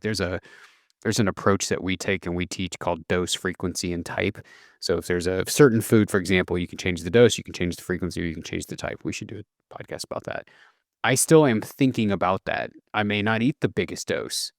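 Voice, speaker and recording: A man's voice: lowish voice, dry recording, clean studio sound. A man in his thirties, a nutrition coach, talking reflectively on a podcast with many restarts and fillers. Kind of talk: casual podcast chat.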